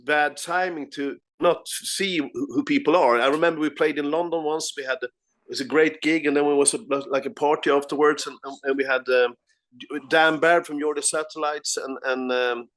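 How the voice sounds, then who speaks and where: A Swedish man, a guest musician, telling animated anecdotes in a casual remote interview, restarting his sentences and laughing often. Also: a little high, normal speed. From Sweden.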